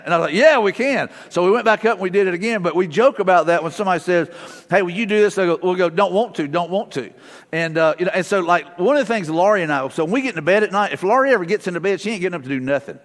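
A man's voice: high-pitched, a bit bright. A middle-aged male pastor preaching a sermon in a church, casual and conversational, mixing family stories with repeated short prayers. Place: church sanctuary. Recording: long church-hall reverb.

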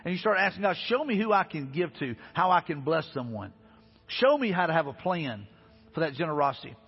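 A pastor preaching a sermon, earnest and repetitive, building to emphatic peaks. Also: male voice, fairly high pitch, sing-song, brisk, slightly rough. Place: church sanctuary. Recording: dull reverberant church hall with faint music.

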